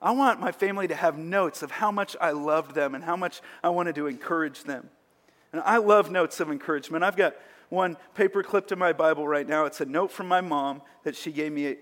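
A man's voice: fairly high pitch, a bit bright. Earnest preaching man, hall reverb. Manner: earnest, emphatic preaching with rising bursts. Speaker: pastor. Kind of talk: sermon.

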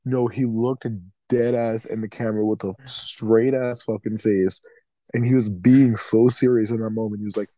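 A man's voice: lowish voice, steady tone, normal speed, warm tone, dry recording. A young man co-hosting a casual sports podcast, teasing and swearing, repeating names to grab attention. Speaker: podcast co-host.

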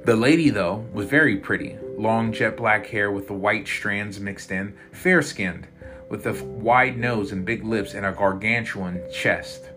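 A man narrating a dark first-person story in a dramatic, intense way. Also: on the low side, measured pace. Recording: loud guitar music behind.

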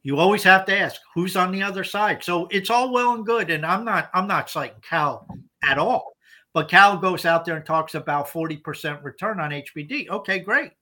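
Bright-voiced man explaining emphatically. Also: high voice, normal speed. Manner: explanatory, emphatic, repeats words when starting over. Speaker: podcast co-host. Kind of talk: casual podcast discussion.

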